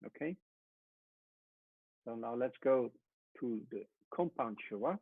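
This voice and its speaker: A man teaching a Hebrew lesson at a whiteboard, explaining step by step and often trailing off softly. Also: medium pitch, animated, takes it slowly, creaky, slightly rough, no room sound. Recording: tinny phone-like sound.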